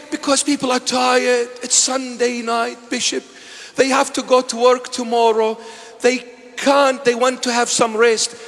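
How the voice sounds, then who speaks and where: A man delivering a sermon as a bishop, his voice sitting high for a man. He moves between loud declarations and hushed asides and acts out quoted dialogue. His words ring out with a long reverb from the church around him. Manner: preaching with sharp rises and drops in loudness.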